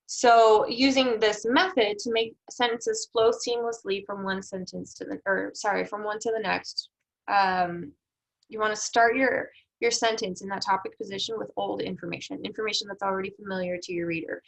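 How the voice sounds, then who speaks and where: A woman's voice: medium pitch, steady tone, moderate pace, vocal fry, low-quality recording. A woman giving a recorded lecture on editing proposals, explaining step by step with rhetorical questions and frequent fillers. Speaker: research development instructor.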